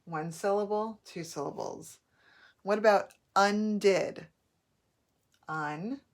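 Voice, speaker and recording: A woman teaching a phonics lesson, sounding out words slowly and clearly, syllable by syllable. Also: lowish voice, animated.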